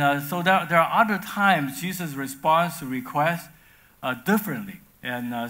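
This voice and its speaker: A man's voice: a little high, pushed and bright. A man preaching a sermon, talking the congregation through the text with many "uh"s and "okay?" check-ins. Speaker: pastor.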